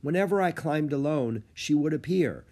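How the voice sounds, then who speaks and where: A gentle, wise older mountaineer from a storybook audiobook , as the narrator puts him on. He speaks formally and calmly, with an expressive rise and fall. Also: a little high, moderate pace, pitched above the performer's own voice. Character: calm, wise older male mountain climber.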